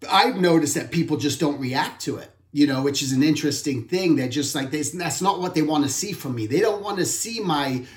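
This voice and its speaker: A man's voice: fairly high pitch, animated, brisk, few pauses. A man giving an informal art talk, reflective and rambling, often correcting himself mid-sentence. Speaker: art instructor. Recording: roomy echo.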